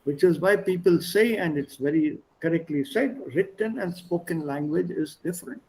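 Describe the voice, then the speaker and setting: High-voiced man teaching German. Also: moderate pace, vocal fry, a little mellow, low-quality recording. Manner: explanatory, mixes English, German and Hindi. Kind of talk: online language lesson. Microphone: video call.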